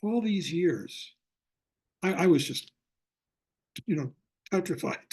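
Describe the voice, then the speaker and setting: An older man teaching a Buddhist class over a video call, speaking in a reflective way and slowing down to stress his points. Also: sits high, expressive, darkish tone, slightly rough. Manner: reflective, slows down for emphasis. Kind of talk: online lecture with storytelling.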